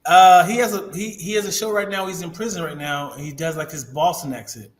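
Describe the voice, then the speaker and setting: This is a man co-hosting a laid-back podcast. His voice sits slightly high, and he talks in a halting way, often stopping to search for his words before he gets his point out. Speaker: podcast co-host. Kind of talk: casual chat.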